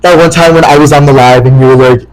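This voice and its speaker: A man's voice: fairly high pitch, steady tone, fast talker, poor audio. A young man co-hosting a podcast, telling a story in casual chat and acting out the quotes with lots of swearing. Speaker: podcast co-host.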